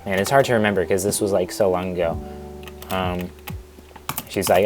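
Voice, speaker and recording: A man's voice: sits low, moderate pace, faint music behind. A young man casually telling a rambling school story in a storytime vlog, digressing and restarting often. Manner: rambling, digressive, self-interrupting.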